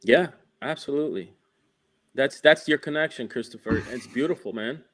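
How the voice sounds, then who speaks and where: A man's voice: mid-range voice, moderate pace, fairly bright tone. A man who works as a dog trainer, talking in a casual chat in a reflective, loose, laid-back way with many restarts.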